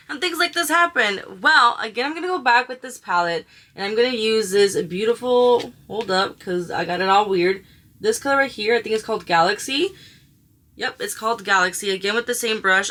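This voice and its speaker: A woman's voice: mid-range voice, pushed and bright. A young woman chatting casually through a makeup tutorial, gushing over colors and sprinkling in slang. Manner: chatty, gushing, uses slang like "she is giving". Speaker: beauty vlogger.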